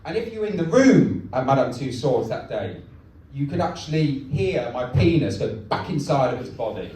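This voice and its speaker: A young man doing a stand-up comedy set in a comedy club, deadpan and self-mocking. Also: medium pitch, moderate pace. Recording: echoey club from far off.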